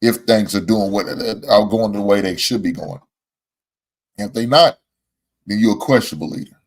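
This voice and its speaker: A man's voice: on the low side, moderate pace, poor audio. A middle-aged man hosting a casual debate chat, emphatic and preachy, repeating phrases for effect. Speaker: podcast host.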